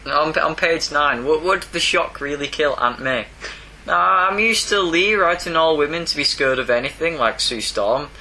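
A man's voice: on the high side, lively intonation, moderate pace, pushed and bright, poor audio. A man co-hosting a podcast, chatting casually and joking in a laid-back way. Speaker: podcast co-host. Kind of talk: casual chat.

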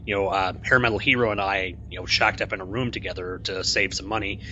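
Born in Kansas and raised in Oklahoma, this man co-hosts a podcast, rambling and correcting himself in casual chat. His deep voice is pushed and bright, quick-paced with fairly even intonation, heard over dull lo-fi audio with a faint hiss.

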